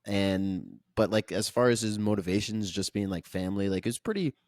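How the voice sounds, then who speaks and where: A man with a fairly low voice, co-hosting a casual film podcast. He talks thoughtfully, hedging and circling his points. The recording is dry and close. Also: normal speed, darkish tone, dry recording. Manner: thoughtful, hedging, many fillers. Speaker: podcast co-host. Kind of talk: casual film review chat.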